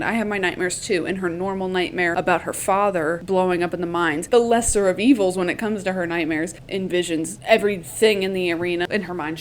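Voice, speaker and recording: A woman's voice: medium pitch, a little hiss or hum. Chatty Southern woman recapping a book. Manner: swearing, chatty, with playful asides. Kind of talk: casual recap chat.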